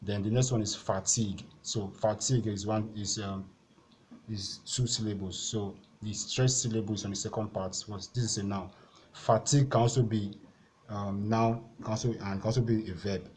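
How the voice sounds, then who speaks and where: A man's voice: on the low side, steady tone, moderate pace, a little mellow, a little hiss or hum. A man teaching an exam-prep lesson, explaining step by step and repeating the key points.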